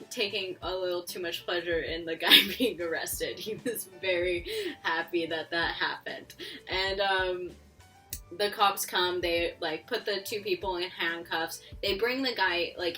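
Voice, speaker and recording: Woman vlogger, chatty storyteller, bright tone, a bit off-mic, faint music under. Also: lowish voice, distant mic. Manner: chatty, laughs often, fillers like "like". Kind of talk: casual storytime. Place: home near a busy road.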